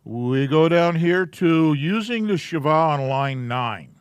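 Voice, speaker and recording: A man teaching a Hebrew alphabet class in a church classroom, explaining slowly and casually. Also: a little high, expressive, clean tone, dry recording.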